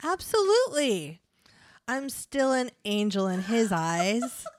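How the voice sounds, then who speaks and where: A woman's voice: fairly high pitch, big pitch swings, dry recording. A woman reading the part of a sly male devil applying for a job, full of suggestive puns. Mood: smug. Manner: suggestive, punning, slow and drawling. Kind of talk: reading a comedy script aloud.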